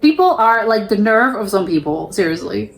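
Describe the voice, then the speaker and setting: A woman's voice: medium pitch, big pitch swings, normal speed, gravelly. A young woman from the United States hosting a reaction video, reading comments aloud and reacting with laughs and disbelief. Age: young adult.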